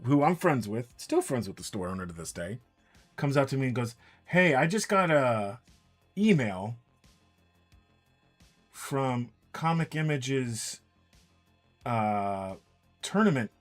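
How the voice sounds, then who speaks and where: A man in a relaxed stream chat tells a long story and quotes each person's lines as he goes. His voice sits at a middle pitch, and faint music plays behind him. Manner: animated anecdote, quoting others in dialogue. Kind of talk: casual storytelling while painting miniatures.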